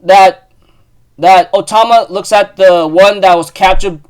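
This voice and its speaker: A man's voice: high voice, steady tone, unhurried, smooth. A young adult man hosting a casual comic-chapter recap, talking in a rambling way with plenty of fillers and restarts. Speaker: manga recap host.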